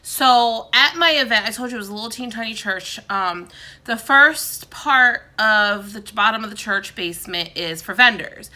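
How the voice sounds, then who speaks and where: A woman's voice: fairly high pitch, normal speed, sharp tone. A woman in her thirties chatting casually and venting, recorded at home in a dim room. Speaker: vlogger. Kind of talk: casual chat.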